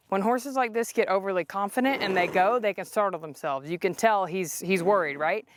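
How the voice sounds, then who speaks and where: A woman's voice: medium pitch, a little hiss or hum. A woman horse trainer explaining her method while working a horse on an outdoor cross country course, coaxing and praising the horse between explanations.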